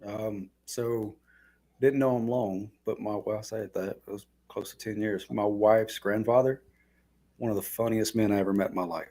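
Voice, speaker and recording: A man's voice: lowish voice, steady tone, normal speed, warm tone. A man guest on a live chat, telling a story in a plain, easygoing way. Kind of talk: casual chat.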